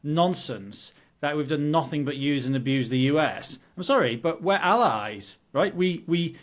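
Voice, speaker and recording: A man's voice: fairly high pitch, expressive, normal speed. A British man co-hosting a casual political podcast, blunt and jokey, getting heated when he argues. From United Kingdom. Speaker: podcast co-host.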